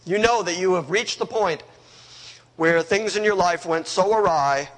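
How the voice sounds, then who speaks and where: A man's voice: sits high, unhurried, fairly bright tone. A male preacher giving a sermon in a church hall, emphatic and conversational, talking straight to the congregation.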